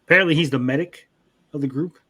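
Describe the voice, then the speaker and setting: A young man co-hosting an anime review show, recapping episodes in casual chat, swearing freely and jumping into quick character voices. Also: a little high, pushed and bright.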